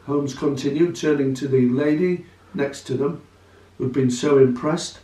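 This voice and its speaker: Slow-reading man, roomy sound. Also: mid-range voice, creaky, warm tone. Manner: slow, jokey, halting asides. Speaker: vlogger. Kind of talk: reading a story aloud, casual. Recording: roomy, from a distance.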